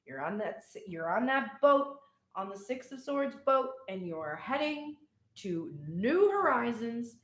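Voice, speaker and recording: A young woman reading tarot in a casual, irreverent and profane way, laughing as she tells stories. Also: medium pitch. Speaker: tarot reader. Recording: echoey room.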